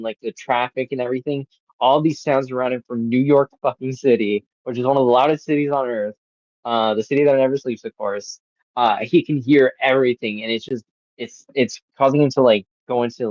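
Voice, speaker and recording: A man's voice: mid-range voice, no room sound. Rambling man in dull, dry audio. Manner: rambling, filler-heavy, casually profane. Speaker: podcast host. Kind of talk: casual movie review chat.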